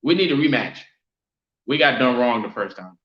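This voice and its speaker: A man hosting a casual sports fan live stream, chatting loosely and giving viewers shout-outs. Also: mid-range voice, lively intonation, moderate pace. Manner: casual, reads and answers chat shout-outs. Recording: roomy, dull lo-fi sound.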